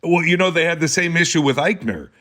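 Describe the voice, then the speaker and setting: A man's voice: a little high, quick pace. A middle-aged man, an actor guest on a podcast, talking casually and telling stories. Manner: storytelling, animated in anecdotes. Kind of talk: casual chat.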